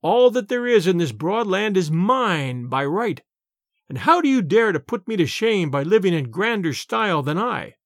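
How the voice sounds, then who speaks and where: A haughty medieval king barks his demands in a loud, lively voice that jumps up in pitch, as a male reader puts him on. Dry, close sound. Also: moderate pace, dry recording. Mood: commanding. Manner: imperious, loud. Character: proud angry medieval king, commanding.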